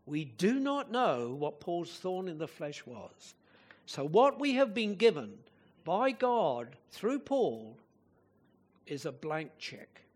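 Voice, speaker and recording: A man preaching a sermon in a conversational way, often asking the listeners rhetorical questions, with occasional emphatic bursts. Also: a little high.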